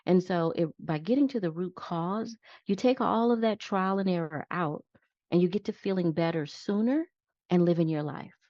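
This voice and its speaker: A woman's voice: fairly low pitch, moderate pace, warm tone, no echo. A woman nurse practitioner being interviewed, explaining her practice in plain step-by-step terms. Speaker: psychiatric nurse practitioner guest. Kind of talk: conversational interview. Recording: dull lo-fi dry sound.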